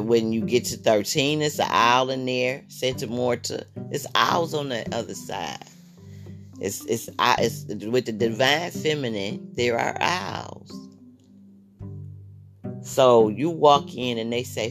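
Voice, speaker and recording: Podcast guy rambling slow and blunt, cusses a lot, repeats stuff, little guitar in the back. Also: medium pitch. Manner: blunt, profane, repeats phrases. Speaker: podcast host. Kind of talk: casual spiritual monologue.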